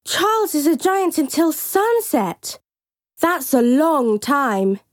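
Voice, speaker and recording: A man voicing a clever, practical young girl in a high falsetto. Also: big pitch swings, dry recording, studio quality, full character voice. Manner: high falsetto, brisk and sensible.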